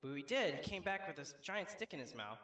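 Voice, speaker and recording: Brief: lively joke-teller, bright tone, distant roomy sound, acts out each character. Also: male voice, fairly quick. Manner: animated, acts out characters with big pitch jumps. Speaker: comedian telling a joke. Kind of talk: joke telling at an open mic.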